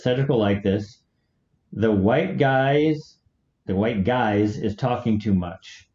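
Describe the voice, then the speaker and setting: A man's voice: lowish voice, mellow. A man co-hosting a music reaction channel, reading viewer comments in an easygoing, self-deprecating way with hesitant fillers. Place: home, remote from co-host. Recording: echoey, muffled lo-fi room sound.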